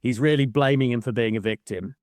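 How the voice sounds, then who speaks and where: A man's voice: medium pitch, a little fast, a little mellow, no echo. Dry-sounding man in chatty podcast talk. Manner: swears freely, laughs mid-sentence, mimics people in quotes. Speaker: podcast co-host. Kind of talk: casual book-club chat.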